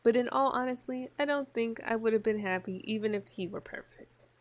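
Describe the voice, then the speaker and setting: A woman voicing a languid noble countess while reading a visual novel aloud in voices, with a slow, drawn-out, mock-regal delivery. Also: a little high, lightly acted. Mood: rueful.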